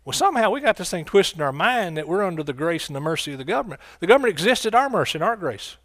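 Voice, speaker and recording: A man's voice: high voice, sing-song, very fast, fairly bright tone. A man from the United States preaching a sermon, emphatic, repeating his phrases and calling out to his listeners.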